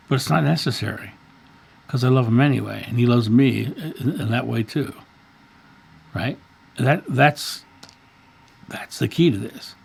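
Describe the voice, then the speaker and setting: Fifties male host, raspy and gravelly, earnest story told in a casual talk. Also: mid-range voice. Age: 50s. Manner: earnest, repeats words while telling a story. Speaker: spiritual channel host.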